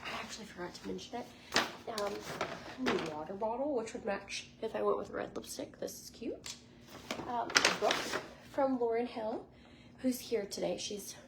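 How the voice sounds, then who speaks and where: Bubbly woman in her forties, lively pitch. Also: creaky. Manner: bubbly, chatty, full of likes and ums. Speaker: lifestyle vlogger. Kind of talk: casual chat to camera. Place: hotel room in Las Vegas. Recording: noticeable background noise.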